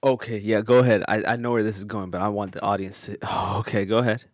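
A man's voice: fairly low pitch, level tone, no room sound. A young man in casual, profane, joking conversation, teasing his co-host. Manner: joking, profane, quick to tease. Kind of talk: casual chat.

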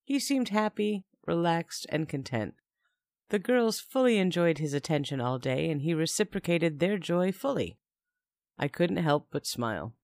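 A woman's voice: on the low side, expressive, unhurried, darkish tone, dry recording, clean studio sound. Wry young woman telling a story. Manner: chatty, wry asides. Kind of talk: first-person story narration.

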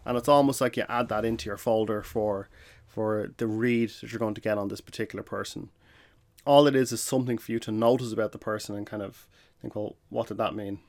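A man hosting a podcast, explaining ideas in a relaxed, conversational way with frequent restarts and little acted-out exchanges. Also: on the low side, a little fast. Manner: conversational, uses fillers and restarts, acts out short phone exchanges. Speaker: podcast host. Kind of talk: casual explanatory podcast talk.

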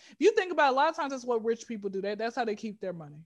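A woman comedian telling stories in an animated, joking way, often jumping into voices. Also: rapid-fire. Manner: animated, jumps into high mimicking voices. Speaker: comedian guest. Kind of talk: comedic storytelling.

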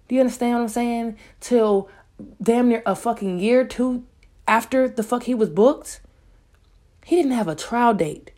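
A woman's voice: fairly high pitch, darkish tone. A woman giving a casual, heated rant about a documentary she watched, swearing often and repeating herself for emphasis. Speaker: commentator reacting to a documentary.

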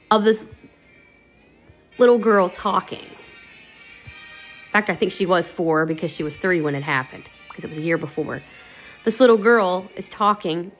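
A woman's voice: fairly low pitch, a bit bright. A woman podcast host casually retelling a radio episode in a rambling, conversational way. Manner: rambling, conversational, many "you know" fillers.

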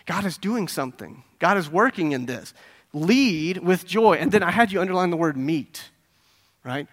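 A middle-aged man preaches with a slightly higher-than-usual voice. He talks earnestly and conversationally, checking in with the listeners. Now and then he jumps up in pitch and volume for emphasis. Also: animated, normal speed. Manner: bursts of louder, higher emphasis. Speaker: pastor. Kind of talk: sermon.

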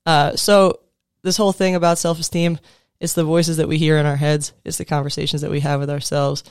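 A man's voice: a little high, little pitch movement, fairly quick, clean tone, no room sound, studio quality. A man in his thirties, a coach talking to other coaches in an earnest, conversational way, with casual fillers and restarts. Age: 30s. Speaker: sports coach speaking to fellow coaches. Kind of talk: motivational talk.

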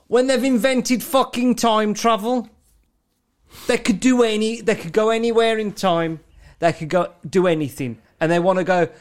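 A man's voice: high voice, moderate pace. A man co-hosting a casual podcast chat, sweary and laughing a lot, often mimicking voices in quotes. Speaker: podcast co-host.

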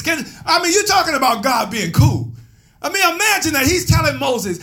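A man pastor telling a story in a sermon, animated and laughing as he calls out to his members. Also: very high-pitched, moderate pace.

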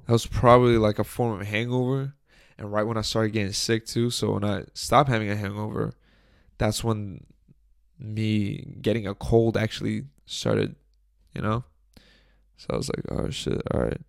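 A young man with a cold hosts his podcast alone, his voice low, hoarse and full of gravel. He rambles and jokes crudely in a loose, casual way. He is close on the mic, and the sound is dry. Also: steady tone, a little slow, no room sound. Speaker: podcast host. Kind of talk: casual solo podcast chat. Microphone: studio microphone, close.

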